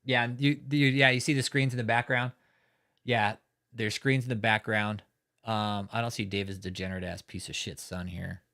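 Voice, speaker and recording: A man's voice: lowish voice, steady tone, normal speed, bright, forceful tone. A man hosting a live stream, talking in a heated, profane rant and often swearing. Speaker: livestream host. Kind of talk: angry live-stream commentary.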